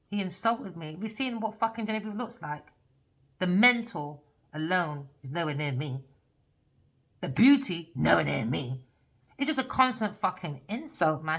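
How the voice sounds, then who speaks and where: A woman's voice: mid-range voice, a bit bright. A woman giving a rambling tarot reading, swearing bluntly and venting as she goes. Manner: profane, blunt, ranting. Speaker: tarot reader. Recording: dull lo-fi recording.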